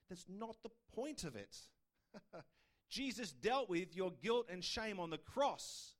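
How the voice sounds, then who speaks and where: A man's voice: high-pitched, animated, moderate pace, fairly bright tone. A man preaching a sermon in a conversational style, asking the listeners rhetorical questions. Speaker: pastor.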